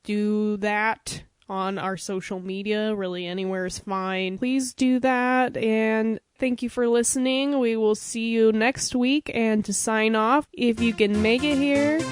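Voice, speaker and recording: Smooth, laughing woman podcast host. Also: a little high, steady tone, a little slow, few pauses, faint music behind. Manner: laughs often, loose and joking with restarts. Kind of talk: casual podcast chat.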